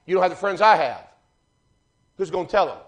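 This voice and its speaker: A man preaching a fervent sermon in church, building rhythmic refrains and swinging between loud and hushed. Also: high-pitched, animated, brisk. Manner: fervent, rising and falling in volume, repeated refrains.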